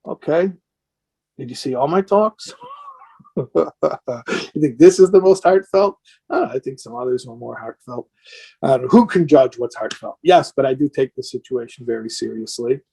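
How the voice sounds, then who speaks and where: A man's voice: mid-range voice, expressive, moderate pace, vocal fry, pauses often, mellow, breathy edge. A man speaking as a rabbi in an impassioned question-and-answer talk, earnest and emotional, sounding tired and worn down.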